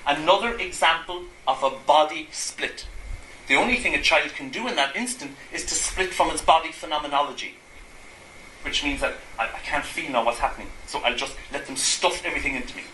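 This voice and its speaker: A Gestalt therapist gives a brisk talk to an audience in an echoey room, a faint ambient hum beneath him. His voice is very bright and a little high. He keeps posing rhetorical questions and acting out everyday scenes as he teaches.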